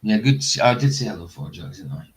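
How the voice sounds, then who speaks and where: A man's voice: low-pitched, very animated, fast, poor audio. A man hosting a livestream, chatting casually to viewers in rambling asides. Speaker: livestream host. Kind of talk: casual live stream commentary.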